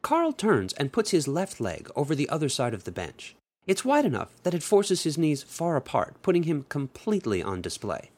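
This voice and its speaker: Highly animated male story narrator. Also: normal speed. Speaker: audiobook narrator.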